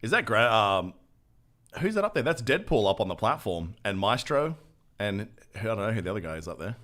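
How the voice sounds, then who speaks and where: A young man streaming a game, chatting casually with a relaxed, joking manner and casual swearing. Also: fairly low pitch, a little fast. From Australia. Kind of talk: casual gameplay chat.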